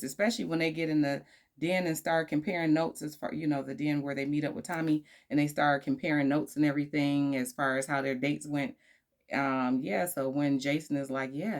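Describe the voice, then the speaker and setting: A woman casually reviewing a dating show, sassy and slangy, breaking into laughing asides, tired from recording late at night. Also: low-pitched.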